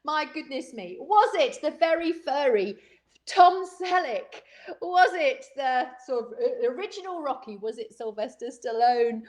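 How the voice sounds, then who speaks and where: A woman's voice: high voice, animated, moderate pace, hardly any pauses. A woman co-hosting a live cocktail show, chatting casually and giggling often. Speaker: co-host of a cocktail livestream. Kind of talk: casual chat. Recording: echoey room.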